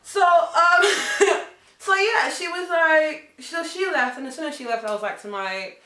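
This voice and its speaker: A young woman tells a story to camera, her voice bright and forceful. She keeps slipping into quick put-on voices for the people she quotes. The sound bounces around an echoey room. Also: extremely high pitch. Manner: animated, quoting others in put-on voices, many fillers. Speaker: vlogger. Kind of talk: casual storytelling.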